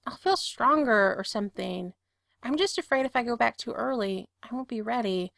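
An earnest, sober grown man from a read-aloud story, speaking in a quiet, measured way, as a woman reads him. His voice carries a touch of gravel and sounds close and dry. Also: very high-pitched, expressive, dry recording, full character voice. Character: adult man, recovering addict, earnest.

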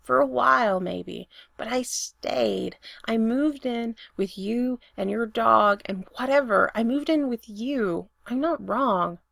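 A woman's voice: fairly high pitch, slow, vocal fry, few pauses, fairly bright tone, no echo, clean studio sound, heavily acted. A woman voicing an insistent, bewildered young man who pleads with urgency. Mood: earnest pleading.

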